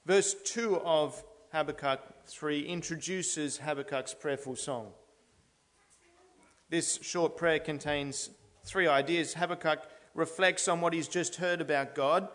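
A man's voice: fairly high pitch, fairly even intonation, slow pace, fairly bright tone. A man preaching an expository sermon in a church, speaking earnestly and building to emphatic declarations. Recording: long reverb of a large hall.

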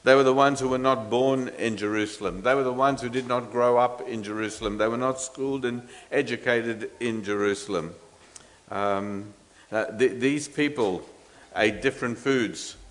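A man with a medium-pitched, slightly bright voice preaches an expository sermon earnestly and emphatically. He uses frequent fillers and restarts and puts rhetorical questions to the congregation.

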